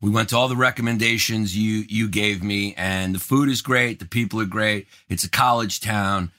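A man's voice: fairly low pitch, steady tone, moderate pace, sharp tone. A man co-hosting a podcast in casual chat, joking and teasing his co-host. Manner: joking, puts on silly voices and teasing bits.

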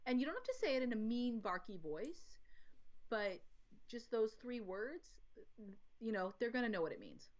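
A woman guest talking about parenting in a casual podcast chat, explaining in an animated way and acting out little quotes. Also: fairly high pitch, moderate pace. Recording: dull lo-fi audio.

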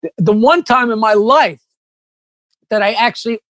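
An older man from Long Island, a comedian guest telling rambling, animated anecdotes in a casual interview, with many restarts and asides. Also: sits high, normal speed, no room sound. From Long Island, New York.

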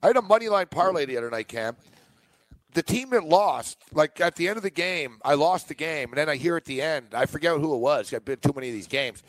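A man's voice: fairly high pitch, a little fast, no room sound, poor audio. Opinionated man chatting sports on a podcast. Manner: animated, opinionated, laughs often. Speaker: sports betting podcast co-host. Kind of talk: casual sports betting chat.

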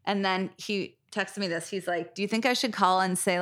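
A woman's voice: medium pitch, steady tone, fairly quick, hardly any pauses, a bit bright. A woman co-hosting a podcast as a therapist, enthusiastic and casual, swearing while she retells client stories with energy.

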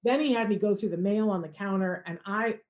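A woman telling a personal story as a parent, animated and acting out the quoted dialogue. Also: medium pitch, brisk.

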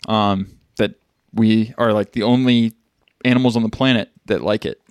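A man's voice: lowish voice, steady tone, moderate pace, clean tone, no room sound. A man co-hosting a podcast, musing and rambling in casual chat with lots of fillers and restarts. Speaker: podcast co-host.

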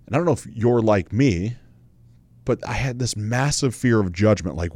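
A man in his thirties with a fairly low voice tells his own story on his podcast. He speaks candidly and earnestly, repeats phrases for emphasis and swears now and then. The sound is dry and close, with no room around it. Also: moderate pace, darkish tone, dry recording. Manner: candid, conversational, swears casually. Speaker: podcast host. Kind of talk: personal storytelling monologue.

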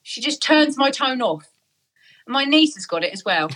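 A woman's voice: sits high, sing-song, normal speed, a bit bright. A middle-aged woman in a casual chat, telling a story with lots of laughter and acted-out voices. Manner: chatty storyteller, laughing often, acts out voices.

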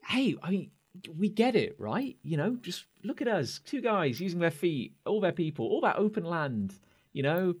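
A man's voice: high-pitched, big pitch swings, normal speed, slightly rough, pitched above the performer's own voice, full character voice. A man doing a pushy, chummy knight. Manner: overfamiliar, wheedling.

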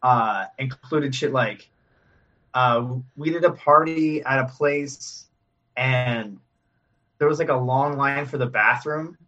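A man's voice: mid-range voice, slow, sharp tone, recorded from a distance, highs cut off. A man guesting on a podcast as a comedian, telling stories in a loose, rambling, stop-start way. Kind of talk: casual storytelling chat.

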